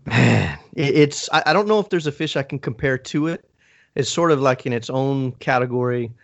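A man's voice: mid-range voice, lively intonation, normal speed, vocal fry. A man in casual chat who stops and restarts often, calling people dude and man.

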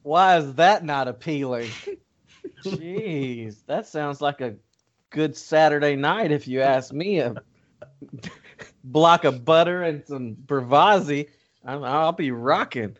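A man hosting a casual fishing podcast, talking in an animated, teasing way with laughs. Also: a little high, takes it slowly, muffled recording.

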